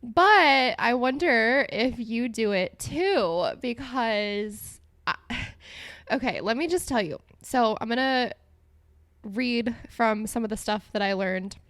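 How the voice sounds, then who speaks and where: A woman's voice: a little high, animated, slow pace, fairly bright tone, no echo, clean studio sound. A young woman hosting a solo podcast, talking casually with frequent laughs and lots of "like" fillers. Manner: chatty, giggly, lots of "like" fillers. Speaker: podcast host.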